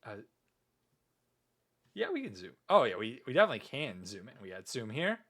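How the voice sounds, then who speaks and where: A man's voice: mid-range voice, huge pitch swings, fairly quick, a bit bright. A man streaming casually, joking and ranting as he chats with viewers and drops "meow" into his sentences. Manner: joking, rambling, tacking "meow" onto sentences. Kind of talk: casual livestream chat.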